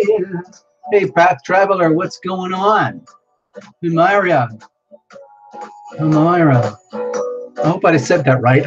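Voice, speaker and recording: A man's voice: a little high, muffled recording. Frazzled, worn-out tarot livestream host man. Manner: frazzled, rambling, greets viewers by name. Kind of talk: casual livestream chat.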